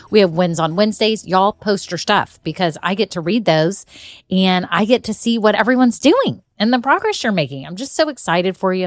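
A woman's voice: mid-range voice, no echo. A woman hosting her own podcast as a business coach, talking in an upbeat, encouraging, chatty way. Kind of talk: solo podcast talk.

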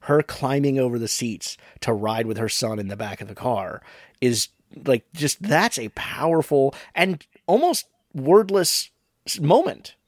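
Male podcast host, mid-pitched, measured and reflective, dry close recording. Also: lively intonation, dry recording. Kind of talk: casual film discussion.

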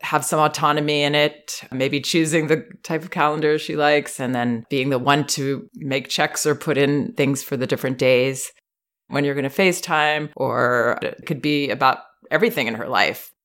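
A woman host giving parenting advice in a calm, measured, reassuring way. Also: low voice. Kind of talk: advice consultation.

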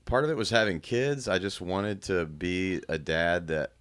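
A man in his thirties talking candidly as a guest, reflective and halting, with frequent restarts. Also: deep voice, expressive, a bit bright, smooth. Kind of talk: candid personal conversation.

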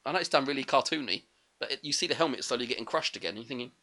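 A man co-hosting a film podcast who rattles through scene recaps at a quick clip. His voice is bright and forward, and he keeps the chat lively and animated. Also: mid-range voice. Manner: quick, chatty, animated retelling. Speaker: podcast co-host. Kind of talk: casual film review chat.

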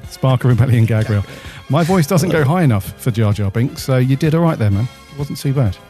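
Mellow-voiced man hosting a podcast. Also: mid-range voice, expressive, brisk, faint music behind. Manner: laid-back, chatty, lots of fillers. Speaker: podcast co-host. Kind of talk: casual podcast chat. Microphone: studio podcast mic.

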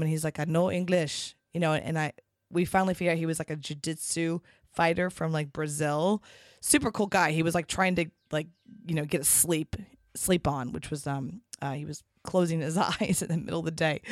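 A woman's voice: fairly low pitch, dry recording, clean studio sound. A middle-aged woman hosting a podcast, talking casually and chattily with lots of fillers. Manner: chatty and animated, many fillers. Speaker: podcast host. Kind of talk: casual monologue.

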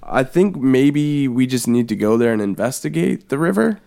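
A man co-hosting a comedy podcast, excitable and jokey, with sudden high exclamations. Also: moderate pace, creaky. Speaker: podcast co-host. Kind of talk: casual comedic chat.

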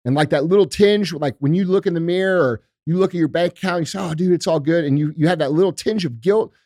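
A man's voice: a little high, fast, darkish tone, no echo, clean studio sound. A male podcast host giving a blunt, profane motivational talk in a casual, emphatic way.

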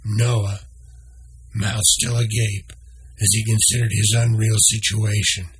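A man narrating a children's story in a slow, measured read-aloud style. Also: lowish voice, flat delivery, breathy edge.

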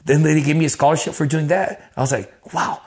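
A man telling stories as an interview guest, animated and profane, acting out the voices of the people he quotes. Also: a little high, fast talker. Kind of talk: casual storytelling in an interview.

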